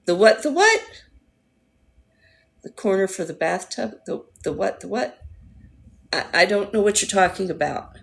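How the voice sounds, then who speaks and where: A woman hosting a livestream, chatting casually with viewers in a rambling way, her voice hoarse and going. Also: medium pitch, moderate pace. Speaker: livestream host. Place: at home.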